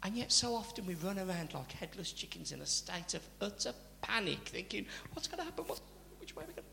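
A man preaching a sermon, chatty and animated, with asides to the congregation. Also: a little high, creaky. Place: church. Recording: church hall reverb, faint hum.

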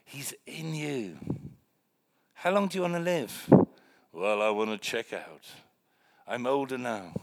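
Speaking slowly at a medium pitch and pausing often, an older man gives a spirited, humorous sermon in a church meeting room, alternating loud outbursts with quiet asides.

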